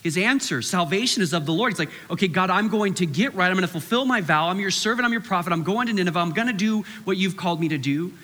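A man preaching a sermon with animated delivery, acting out the voices of the people he quotes. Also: high voice, fast, few pauses, in a large hall. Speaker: pastor.

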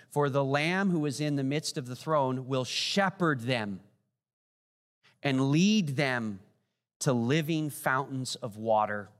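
A man preaching a communion sermon as pastor, earnest, swinging from raised declarations to hushed pleading questions. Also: mid-range voice. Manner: earnest preaching, rising then dropping to hushed pleas. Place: church sanctuary. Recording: long hall reverb.

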